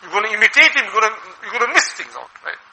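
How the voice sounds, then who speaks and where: A man preaching a sermon as an Islamic preacher, animated and full of rhetorical questions. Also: high voice, racing, rough recording. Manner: animated, asks rhetorical questions, acts out quoted voices.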